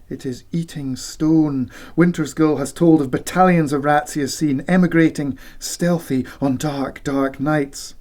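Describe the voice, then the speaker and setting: A man reading a novel aloud with dramatic, deliberate delivery and whispered sound effects. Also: on the high side, a little mellow. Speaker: audiobook reader. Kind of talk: expressive literary reading.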